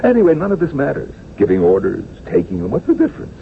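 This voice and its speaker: An actor playing a timid, melancholy town doctor in a radio drama, soft-spoken and apologetic. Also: male voice, a little high, wildly swooping pitch, quick pace, gravelly, exaggerated voice. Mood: weary. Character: weary, timid, gentle male town doctor. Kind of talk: 1970s radio drama acting. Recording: tinny old radio broadcast, faint hiss.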